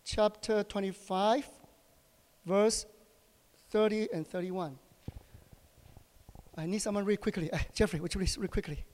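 High-voiced preacher in a reverberant hall. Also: male voice, fairly even intonation, a little mellow. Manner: asks the congregation short questions, halting with many fillers. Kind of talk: sermon.

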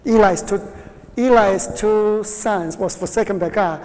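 With a medium-pitched, slightly mellow voice, a native Chinese-speaking woman leads a Bible class in a reverberant hall. She frequently questions the class, stops to restart, and laughs briefly.

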